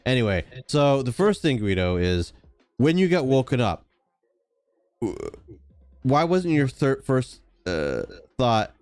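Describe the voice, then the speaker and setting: A man's voice: mid-range voice, big pitch swings, slow, a little mellow, smooth, dry recording, soft background music. A man co-hosting a stream in casual chat, teasing and reading chat aloud.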